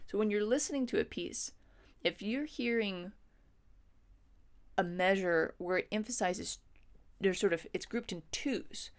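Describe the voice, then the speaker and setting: A woman's voice: fairly low pitch, unhurried. A woman teaching a music lesson, patiently explaining and counting beats aloud, often checking in with the listener. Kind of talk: instructional lesson.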